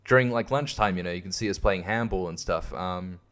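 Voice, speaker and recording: A man's voice: low voice, a little fast, fairly bright tone. A young man hosting a casual monologue, rambling and swearing, often laughing at himself. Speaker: host.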